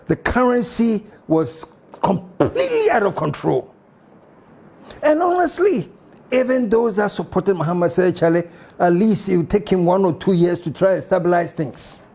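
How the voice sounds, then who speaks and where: A man with a Ghanaian English accent hosting a political commentary show, emphatic and animated with mocking asides. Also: high voice, unhurried, vocal fry.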